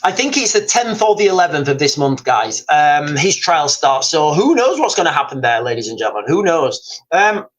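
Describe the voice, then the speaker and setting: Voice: mid-range voice, very animated, moderate pace, few pauses, poor audio. Rambling streamer, loose live chat with the audience, keeps saying "guys". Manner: rambling, repeatedly addressing viewers as guys. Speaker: livestreamer reading chat.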